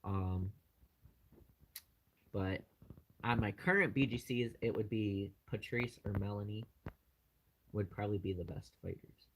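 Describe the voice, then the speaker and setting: A man's voice: on the low side, measured pace, pauses often, slight background noise, poor audio. A man hosting his channel, casually answering live chat questions in a rambling way with lots of fillers.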